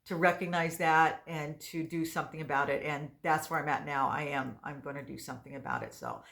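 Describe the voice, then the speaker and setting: Chatty woman in her sixties, low-pitched. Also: lively intonation, fairly quick, gravelly, fairly bright tone. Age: 60s. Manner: chatty, rambling, frequent restarts and fillers. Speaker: vlogger. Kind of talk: casual chat to camera.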